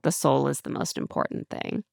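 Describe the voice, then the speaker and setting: A woman's voice: moderate pace, no room sound, clean studio sound. A woman co-hosting a podcast, chatting casually and animatedly as she recaps a reality show, often acting out what people said. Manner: chatty, animated retelling with quoted voices and laughs. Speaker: podcast co-host.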